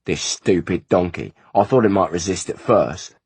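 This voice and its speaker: A stolid, grudging manservant, as a deep-voiced male reader puts him on, his very low husky voice landing each word with heavy emphasis. The sound is close and dry. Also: lively intonation, normal speed, darkish tone, no room sound, heavily acted. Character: gruff grudging male servant.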